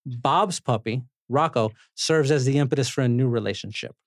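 A man hosts a casual podcast and recaps films with lively, joking energy. His voice sits at an ordinary middle pitch. It is recorded close and dry, with no room echo. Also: normal speed. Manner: animated storyteller, swears, laughs often. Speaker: podcast host.

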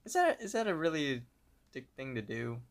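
A young man co-hosting a podcast, casually retelling a cartoon episode and briefly imitating the characters. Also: fairly high pitch. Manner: relaxed, retells scenes with quick character voices. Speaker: podcast co-host.

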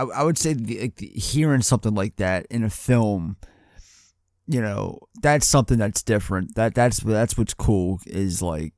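A man's voice: on the low side, vocal fry, darkish tone, no echo, studio quality. A man co-hosting a podcast, talking about films in a casual, enthusiastic way, rambling and restarting his sentences. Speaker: podcast co-host. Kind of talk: casual film discussion.

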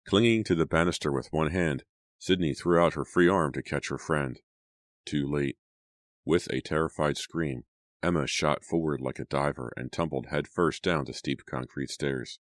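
A man narrating a teen horror audiobook in a steady, dramatic storytelling manner. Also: rumbling low, moderate pace, no room sound.

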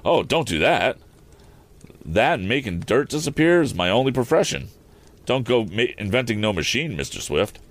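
A man doing a folksy older laborer with a slow, drawling way of talking. The voice is pitched above a deep reading voice and swings up and down. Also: big pitch swings. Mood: pleased.

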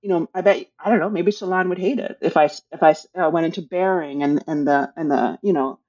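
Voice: mid-range voice, brisk, darkish tone, dull audio. An author talking casually about their book, hesitant and thinking aloud, with many restarts. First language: English.

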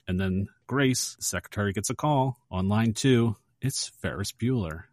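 A man co-hosting a casual movie podcast, retelling a film scene step by step in a lively, storytelling way. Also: fairly low pitch, measured pace, no echo, clean studio sound. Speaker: podcast co-host.

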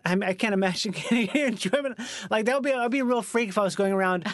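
A man's voice: high-pitched, rapid-fire, no echo. Give me a dry, joking man chatting casually. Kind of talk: casual chat.

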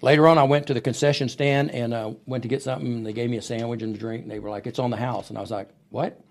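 A middle-aged man with a gravelly, low-middle voice, spinning long anecdotes in a studio interview. He slips into the voices of the people he quotes as the stories roll on. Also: racing. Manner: animated storyteller who acts out quoted voices. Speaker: wrestling booker and promoter, podcast guest. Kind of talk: storytelling interview. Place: podcast studio.

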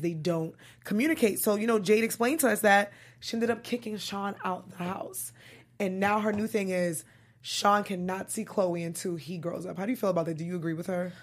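A woman's voice: medium pitch, brisk. Chatty young woman hosting a recap show. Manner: chatty, animated, laughs often. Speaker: podcast host. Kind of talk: casual recap chat.

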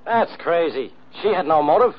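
An actor playing a blustering, browbeating police inspector in 1940s radio acting style. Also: male voice, on the high side, expressive, moderate pace. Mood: scoffing. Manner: brusque, browbeating. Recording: dull old radio broadcast.

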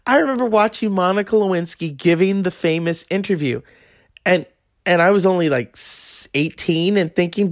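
A man's voice: high voice, normal speed, no echo, studio quality. A man in his thirties telling a rambling, crude story in a casual monologue. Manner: crude, rambling, acts out quoted voices. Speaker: podcast host.

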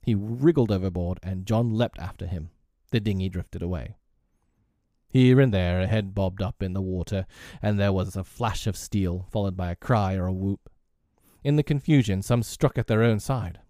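Man narrating a storybook, dark voice. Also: sits low, moderate pace, dry recording, studio quality. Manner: dramatic, animated reading. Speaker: audiobook narrator.

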